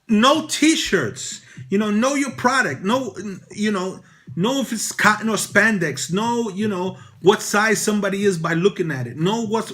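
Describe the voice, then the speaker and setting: Rambling New man, high voice. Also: bright, forceful tone. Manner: rambling, full of "you know" fillers. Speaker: real estate broker and channel host. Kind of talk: casual motivational talk to camera.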